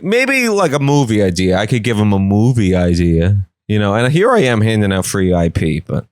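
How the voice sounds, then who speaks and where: Animated man riffing on a podcast. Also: low-pitched, clear, resonant tone, dry recording, clean studio sound. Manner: animated, rambling, jokey. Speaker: podcast host. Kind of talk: casual comedic riffing.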